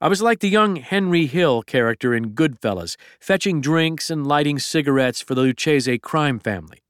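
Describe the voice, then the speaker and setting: A middle-aged man narrating a memoir audiobook in a plain, measured storytelling manner. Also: a little high, animated, smooth, dry recording, studio quality.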